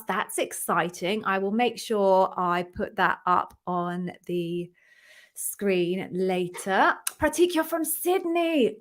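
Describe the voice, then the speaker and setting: A woman's voice: medium pitch, a bit bright. An English woman hosting a live Q&A stream from a home office, greeting viewers in a chatty, upbeat way. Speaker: interview coach hosting a live Q&A. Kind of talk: casual live-stream chat. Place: home office with a ring light.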